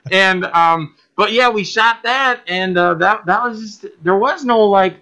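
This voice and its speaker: A man guest on a podcast telling stories about his filmmaking, animated and acting out other people's voices. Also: high-pitched, measured pace. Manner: animated, acts out quoted voices, laughs often. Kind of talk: casual storytelling interview.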